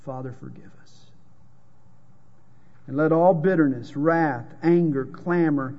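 Southern-drawling preacher, reverberant hall. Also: male voice, on the high side, a little slow, warm tone. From American South. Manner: folksy preaching with jokes and scripture readings. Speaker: pastor. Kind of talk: sermon. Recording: dull lo-fi sound with long hall reverb.

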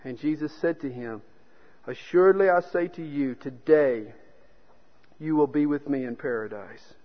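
The pastor's voice is a little high and his pace measured as he preaches, telling stories and dramatizing the quotes. Long hall reverb and a dull tone mark the recording.

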